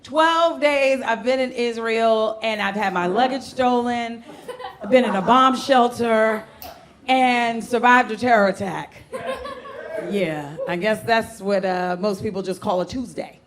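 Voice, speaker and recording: Brash high-voiced Brooklyn comic woman. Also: a little slow, crowd noise. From Brooklyn, New York. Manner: brash, loud and playful, slips into mocking voices. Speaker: stand-up comedian. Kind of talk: stand-up comedy set. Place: comedy club stage with a live audience.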